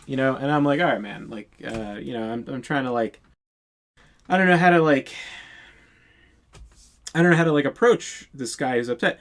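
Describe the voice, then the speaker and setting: A man's voice: mid-range voice, normal speed, pauses often. A man telling a storytime tale in a casual monologue, exasperated and profane, rambling with many restarts.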